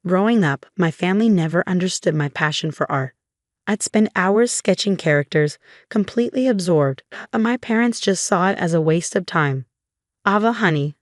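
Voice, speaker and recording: A woman giving a scripted first-person story narration in a smooth, steady reading voice. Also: fairly low pitch, no room sound, clean studio sound.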